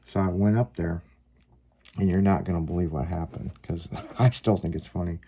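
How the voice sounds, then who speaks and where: A man's voice: sits low, moderate pace, warm tone, slight background noise. A man casually telling a long personal story, rambling with lots of fillers and some swearing. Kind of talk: casual chat, personal anecdote.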